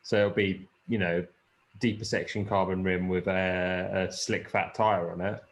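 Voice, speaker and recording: A man's voice: deep voice, little pitch movement, unhurried. A man hosting a casual podcast chat, rambling with fillers and swearing. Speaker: podcast host. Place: lives in the Peak District.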